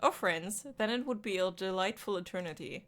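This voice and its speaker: A woman's voice: medium pitch, normal speed, fairly bright tone, natural voice. A woman reading a flirtatious demon king. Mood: sly. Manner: theatrical, flowery and teasing. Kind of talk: reading a visual novel aloud.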